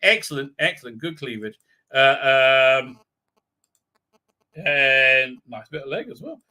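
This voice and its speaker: A man's voice: medium pitch, expressive, slow pace, pushed and bright. A man hosting a live stream, recapping an episode in a rambling, irreverent way with lots of fillers. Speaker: show host.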